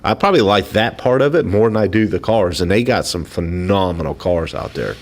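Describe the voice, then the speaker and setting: A man as a guest on a radio talk show, talking casually and haltingly, often repeating words as he goes. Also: low-pitched, expressive. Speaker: studio guest promoting a local event.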